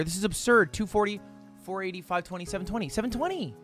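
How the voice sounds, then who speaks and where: A young man streaming himself solving math drills, reading questions aloud fast, muttering counts and shouting in frustration. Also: sits high, soft background music. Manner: frustrated outbursts, reads questions aloud fast, counts under his breath. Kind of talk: live-stream commentary while solving math problems.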